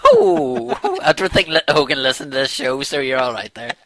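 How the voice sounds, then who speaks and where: A man's voice: fairly high pitch, huge pitch swings, normal speed, gravelly, a bit bright. A man co-hosting a casual interview, chiming in with jokey quips. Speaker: co-host, interviewer.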